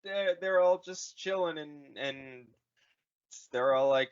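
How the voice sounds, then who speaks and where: A man co-hosting a podcast, casually retelling a movie in a slow, rambling way with crude quoted voices. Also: fairly high pitch, smooth, dull audio. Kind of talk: casual comedic chat.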